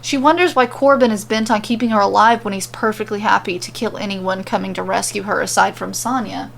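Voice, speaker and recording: A woman podcaster reading fan fiction aloud in a steady, lightly wry narration. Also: mid-range voice, fairly quick, creaky, slight background noise. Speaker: podcast storyteller.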